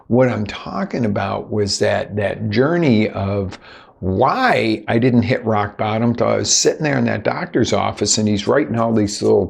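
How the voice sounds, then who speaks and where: A life coach tells a personal story in a conversational, sarcastic way, acting out what other people said and saying "you know" a lot. His voice is on the low side, gravelly and husky, expressive, and moves at a normal speed. It's a motivational storytelling monologue.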